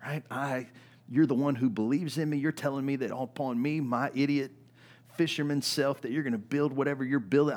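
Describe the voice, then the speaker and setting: Preaching in a chatty style, this male pastor often checks in with "right?" while his volume rises to forceful highs and drops to hushed lows. His intonation stays fairly even and he talks a little fast.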